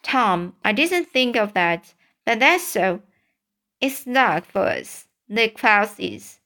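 A woman voicing Huck, a timid and superstitious boy, read in a halting storybook manner. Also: a little high, sing-song, sharp tone, full character voice. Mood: worried. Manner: halting reading with restarts.

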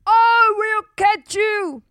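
A woman voicing an angry, shouting male giant in a children's storybook reading. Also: big pitch swings, extremely slow, no echo, studio quality, exaggerated voice. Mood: angry roar. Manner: booming, shouting. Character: angry loud male giant who eats kids.

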